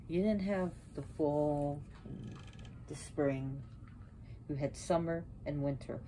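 A woman with a low, unhurried voice talks through old myths at home, drifting off topic and catching herself. A faint hum of room ambience sits behind her. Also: dark tone. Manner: rambling, self-correcting, with sudden outbursts. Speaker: pagan video host. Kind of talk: casual talk about mythology while arranging an altar.

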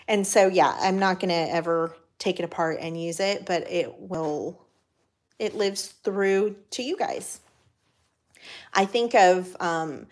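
An American woman with a slightly low voice chats loosely as she works on a craft project. She rambles, restarts her sentences and fills pauses with ums. Her voice sounds a little worn from all the talking. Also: a little mellow. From United States. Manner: rambling, chatty, many fillers and restarts. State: voice cracking from talking. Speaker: craft vlogger. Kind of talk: casual chat while crafting.

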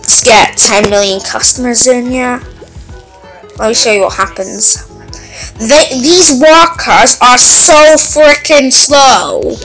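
A woman giving let's-play commentary on a game, excitable and quick to shout and giggle. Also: a little high, low-quality recording. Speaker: gameplay commentator. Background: game music.

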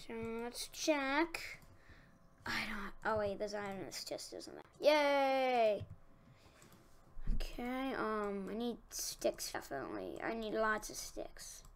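A woman giving casual let's-play commentary, excitable and talking to herself as she plays. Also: mid-range voice, unhurried, slight background noise. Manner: excitable, talks to herself, easily annoyed. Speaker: gaming youtuber.

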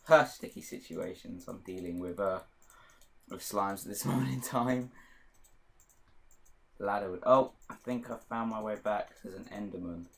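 A man's voice: on the low side, normal speed, gravelly, pauses often. A man chatting casually while playing a game, easily startled and shrieking at monsters. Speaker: gamer co-host. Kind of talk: casual let's-play chat.

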